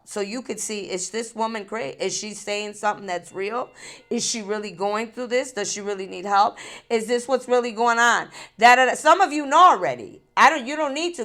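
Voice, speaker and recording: A woman's voice: on the high side, a bit bright. A woman hosting a spiritual vlog, talking straight to her viewers, laughing between thoughts and repeating herself, tearful and angry. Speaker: spiritual channel host. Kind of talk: emotional direct-to-camera vlog.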